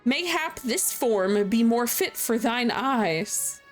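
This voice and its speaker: A woman voicing an ancient dragon, reading its archaic lines slowly and formally. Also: on the high side, animated, faint music behind. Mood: solemn. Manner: slow, measured, formal old-fashioned phrasing. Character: ancient solemn dragon speaking archaic English.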